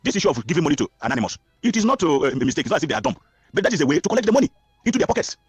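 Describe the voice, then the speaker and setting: A man's voice: a little high, very animated, racing, husky, no echo. A Nigerian man calling a radio show, cynical and full of hesitant fillers. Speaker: radio caller. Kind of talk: opinionated call-in.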